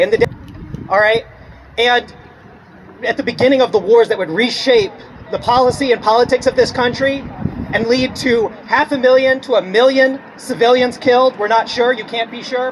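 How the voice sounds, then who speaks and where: A man with a fairly high voice delivers an earnest, reflective political speech outdoors at a rally. Faint urban noise sits behind him. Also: low-quality recording. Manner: reflective, earnest, occasional laughter. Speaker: rally speaker.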